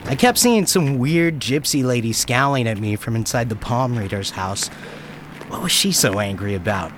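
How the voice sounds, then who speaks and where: A man narrating a first-person story in a lively, wry way. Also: mid-range voice, moderate pace, background noise.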